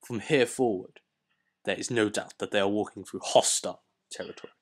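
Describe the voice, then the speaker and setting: Low-voiced man reading game text. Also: brisk. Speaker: let's play host.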